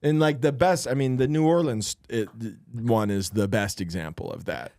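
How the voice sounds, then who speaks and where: A young man, a stand-up comic co-hosting a podcast, telling a story in lively bursts and laughing as he goes. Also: mid-range voice, normal speed, vocal fry, no room sound, studio quality. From Florida. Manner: animated storyteller, laughs mid-sentence. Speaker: stand-up comedian and podcast co-host. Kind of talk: casual podcast chat.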